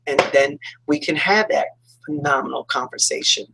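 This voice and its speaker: A man's voice: fairly high pitch, moderate pace, creaky, bright, forceful tone, slightly rough, poor audio. A man, a talk radio host, giving a chatty motivational self-help talk with lots of fillers and acted-out reactions. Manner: chatty, acts out quoted reactions, many fillers.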